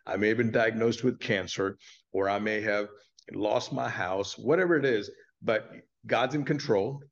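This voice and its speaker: A man's voice: lowish voice, normal speed. Man telling a story, dull lo-fi sound. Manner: earnest, animated storyteller who acts out quotes. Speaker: podcast guest. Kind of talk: casual storytelling chat.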